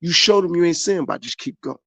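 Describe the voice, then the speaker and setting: Man, middle-aged, gravelly voice, a little high, earnest motivational monologue, dry close sound. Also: animated, quick pace, no echo, muffled recording. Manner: earnest, repetitive, preaching from his own life. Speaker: podcast host.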